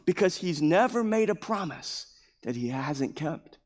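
Man, pastor preaching, somewhat high voice, emphatic and repetitive, long hall reverb. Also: animated, a little slow, a little mellow. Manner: emphatic preaching that repeats key phrases; acts out scripture quotes in a raised voice. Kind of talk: sermon.

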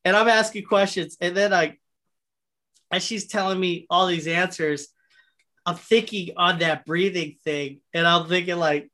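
A man's voice: high voice, steady tone, unhurried, sharp tone. A man in casual podcast chat, telling a rambling, profane anecdote and acting out the people in it. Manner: rambling, profane, acts out voices in his anecdotes.

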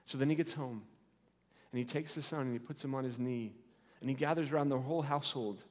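A man's voice: mid-range voice, quick pace, darkish tone. A male pastor preaching a sermon, retelling the story expressively and acting out the characters' lines. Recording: long hall reverb.

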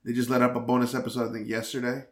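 A man's voice: medium pitch, little pitch movement, racing, roomy sound. A man hosting a podcast, chatting casually, rambling and stumbling over restarts while he teases his guest. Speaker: podcast host.

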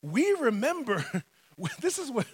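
Animated, funny male preacher, high voice, long hall reverb. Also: slow pace, breathy edge. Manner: animated, humorous storytelling preacher. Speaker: pastor. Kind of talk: sermon.

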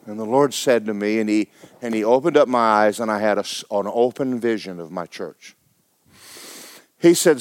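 Animated preacher, dry sound. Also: male voice, a little fast, no echo. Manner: animated storytelling, bursts into loud high-pitched shouting. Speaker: pastor. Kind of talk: sermon.

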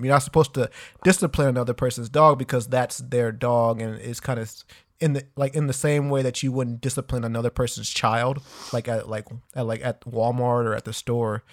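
A man co-hosting a podcast, laid-back, rambling and swearing a lot, tossing in dude every few words. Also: medium pitch. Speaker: podcast co-host. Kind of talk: casual podcast banter.

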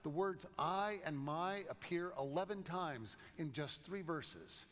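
A man preaching a sermon as pastor, in a conversational way with gentle humor, in a church sanctuary. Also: fairly high pitch, slow pace. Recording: long reverb of a large church.

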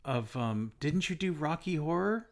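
A man's voice: fairly high pitch, animated, moderate pace. A man in his forties leading a casual interview chat, prompting a friend with easygoing questions.

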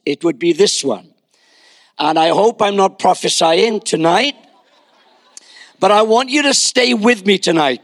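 An older pastor preaches a sermon, telling stories and dropping wry asides, often repeating words as he builds a point. His voice sits high for a man and sounds close and dry, with no room echo.

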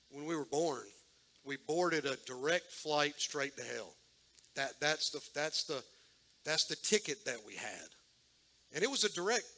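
A man preaches to his congregation in a folksy, storytelling way. His voice sits a little high and sounds bright and forceful. He talks straight to the people in front of him. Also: poor audio. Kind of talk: sermon storytelling.

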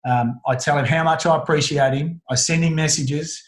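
A middle-aged Australian man telling a personal story in an interview, earnest and halting, often restarting his sentences. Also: a little high, fairly even intonation. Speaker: guest. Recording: roomy echo.

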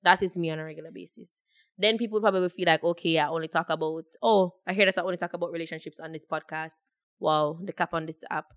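A woman's voice: on the low side, steady tone, quick pace, a bit bright, dry recording, clean studio sound. A young woman co-hosting a podcast, explaining her views at length in a reflective, casual way. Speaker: podcast co-host. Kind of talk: casual chat.

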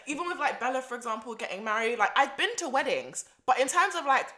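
A woman, co-hosting a casual chat podcast, lively and laughing often. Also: high voice, fast talker. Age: 20s. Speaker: podcast co-host.

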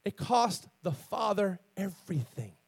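Fervent high-voiced male pastor preaching. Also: very animated, measured pace, vocal fry, slightly rough, no room sound. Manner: fervent, climbs to loud emphatic preaching with call-outs; repeats words and restarts often. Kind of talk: sermon. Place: church sanctuary with congregation.

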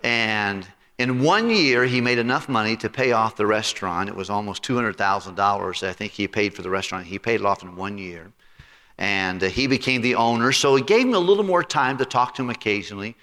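A male pastor telling a personal story in an animated, conversational sermon. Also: on the low side, brisk. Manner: animated, conversational anecdote with repetitions. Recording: reverberant hall.

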